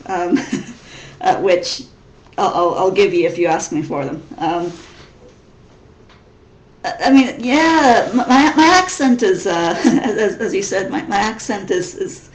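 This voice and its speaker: A woman in her thirties from Missouri whose American accent is mixed with English, chatting in a rambling, casual vlog Q&A style. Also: mid-range voice. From Missouri, United States. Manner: chatty, rambling, frequent restarts. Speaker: vlogger. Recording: roomy echo.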